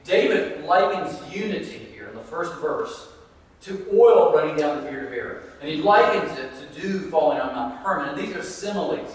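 A man preaching in an earnest, conversational way, returning to his key phrases for emphasis. His voice sits a little high for a man. The recording is distant, with a long echo ringing through a big hall. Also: a little hiss or hum. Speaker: pastor. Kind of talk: sermon. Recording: echoey hall, voice picked up from afar.

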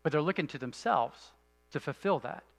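A man's voice: fairly high pitch, animated, normal speed, creaky. Man preaching in a reverberant hall. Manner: earnest preaching, shifts between emphatic and hushed. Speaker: pastor. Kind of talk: sermon.

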